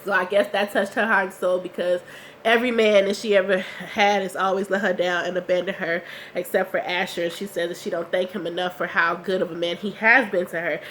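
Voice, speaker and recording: A young woman recaps a TV episode from her couch at home, talking in a loose, slangy, chatty way. She is under the weather, so her voice comes out a bit rough. A faint hiss sits under the recording. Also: on the low side, fairly even intonation, a little fast, a bit bright. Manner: chatty, slangy, reacting with laughs and asides. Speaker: TV recap vlogger.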